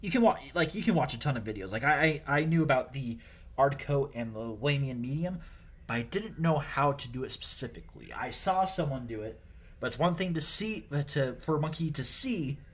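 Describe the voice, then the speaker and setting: A man's voice: medium pitch, lively intonation, fairly quick, fairly bright tone, slightly rough. A man live-streaming himself painting miniatures, rambling casually and joking at his own expense, sometimes murmuring under his breath. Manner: rambling, self-mocking, drops into whispers while concentrating.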